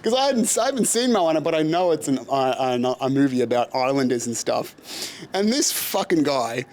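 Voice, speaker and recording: A man's voice: fairly high pitch, big pitch swings, normal speed, darkish tone. Laughing, swearing Australian guy telling a story. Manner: laughs often, profane, self-mocking. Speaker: podcast host. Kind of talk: casual storytelling monologue.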